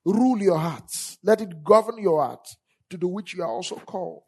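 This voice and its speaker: A woman's voice: fairly low pitch, animated, normal speed, a little mellow, slightly rough. A woman preaching a sermon, leading call-and-response and repeating scripture lines for the congregation to echo.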